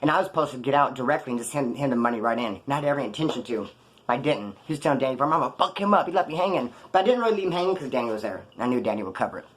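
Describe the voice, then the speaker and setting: A man's voice: medium pitch, lively intonation, racing. A man casually telling rambling, profane prison stories off the cuff, full of slang. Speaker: storyteller recounting his prison past.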